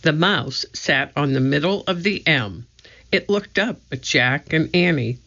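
Measured children's audiobook narrator, bright tone, muffled lo-fi recording. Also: mid-range voice, animated. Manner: slow, measured and gravelly.

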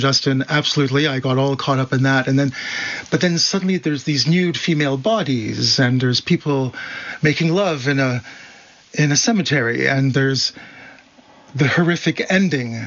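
A man's voice: mid-range voice, a bit bright, highs cut off. A man, a guest in an interview, recalling the past in an earnest, thoughtful way. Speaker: guest, son of the director. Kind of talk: reflective interview talk.

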